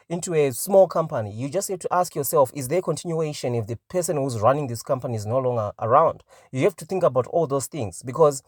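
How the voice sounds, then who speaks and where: A man's voice: medium pitch, darkish tone, dry recording. Emphatic male crypto commentator, casual vlog delivery, dry and close. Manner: emphatic, peppers talk with "right?".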